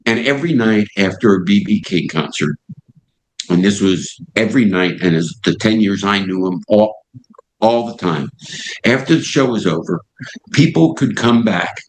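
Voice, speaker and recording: A man's voice: lowish voice, rough recording. An older man, a radio host being interviewed, telling an anecdote and acting out the people in it. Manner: lively storyteller who acts out the voices in his anecdotes. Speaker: satellite radio host, guest.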